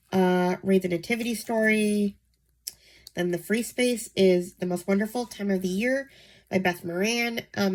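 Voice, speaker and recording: Nasal woman with a head cold. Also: mid-range voice. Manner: soft-spoken, saving her voice, many ums. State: sick and nasal. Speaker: book channel host. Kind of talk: casual book vlog.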